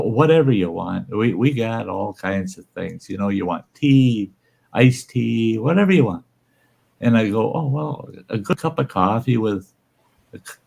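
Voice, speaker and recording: A man casually telling a salty, folksy story, voicing the people in it with lively shifts. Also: fairly low pitch, vocal fry, breathy edge. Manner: folksy, salty, animated when quoting others. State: undergoing cancer treatment. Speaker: channel host telling stories.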